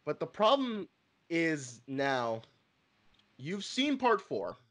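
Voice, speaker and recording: A man's voice: fairly high pitch, very animated, takes it slowly, fairly bright tone. A young man co-hosting a casual podcast-style chat, laughing often and swearing casually. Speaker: channel co-host.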